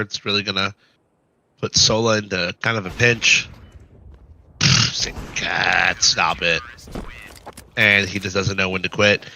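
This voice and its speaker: A hoarse man commentating live on a competitive match. His lowish voice has a bright, forceful edge. He mixes quick calls with wry asides to the audience. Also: slight background noise, low-quality recording. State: hoarse from being sick. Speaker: esports caster.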